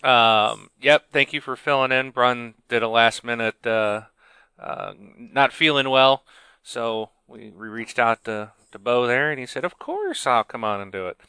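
Bright, crisp-voiced male podcast host. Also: mid-range voice, expressive, measured pace, no room sound. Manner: jokey, laughs often, loose with fillers. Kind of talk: casual gaming podcast chat.

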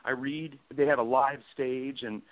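Author guy on a tinny phone line, dry sound, reads out loud then rambles excitedly. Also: medium pitch, unhurried, dry recording. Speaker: author and guest. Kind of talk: casual chat and dramatic reading.

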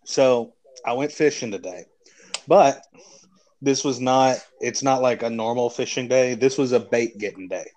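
A man's voice: medium pitch, unhurried, darkish tone, rough recording. A tired man from the Southeastern US, co-hosting a casual podcast and telling a rambling story that trails off and restarts. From Southeastern United States. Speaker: podcast co-host.

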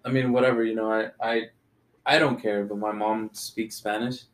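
A man's voice: lowish voice, flat delivery, moderate pace. A young man from Texas in casual chat as a podcast co-host, laid-back and swearing freely. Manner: laid-back, swears a lot, says "dude".

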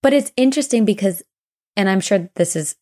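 A young woman co-hosting a podcast, casually recounting ghost lore in a chatty, animated way. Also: mid-range voice, fairly quick. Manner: chatty, animated retelling with quoted voices. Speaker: podcast co-host.

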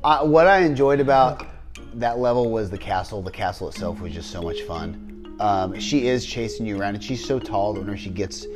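A man's voice: lowish voice, lively intonation, brisk, music in the background. A man co-hosting a podcast in casual chat, rambling with many fillers and restarts. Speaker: podcast co-host.

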